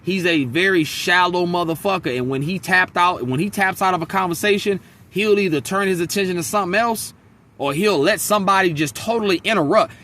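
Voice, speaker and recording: Blunt, bright-voiced man venting. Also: sits high, brisk, a little hiss or hum. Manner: blunt, venting, profane, animated storytelling. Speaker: vlogger. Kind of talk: casual vlog monologue. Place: outdoors in a wooded area near a freeway.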